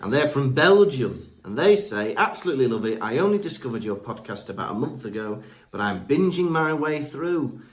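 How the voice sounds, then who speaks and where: A man's voice: mid-range voice, big pitch swings, moderate pace. A man co-hosting a podcast, reading listener reviews aloud in a chatty way with fillers, stumbling over names. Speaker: podcast co-host. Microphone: remote podcast mic.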